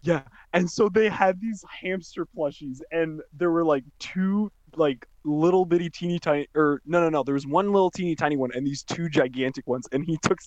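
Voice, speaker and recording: A man's voice: fairly high pitch, normal speed, few pauses, no room sound, muffled recording. A young man on a podcast telling a story in casual chat, rambling with fillers and restarts. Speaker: podcast co-host.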